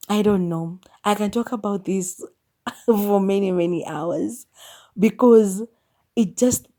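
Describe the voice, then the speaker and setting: A woman's voice: medium pitch, dark tone. A Kenyan woman hosting a solo podcast, sharing her opinions in a candid, musing way. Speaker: podcast host.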